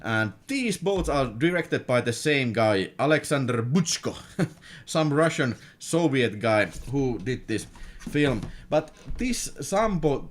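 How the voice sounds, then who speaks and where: Man, Finnish accent, native Finnish speaker, casual unboxing chat, laughs often, mid-pitched. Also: slight background noise. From Finland. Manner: chatty, laughs often, repeats words. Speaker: film collector vlogger.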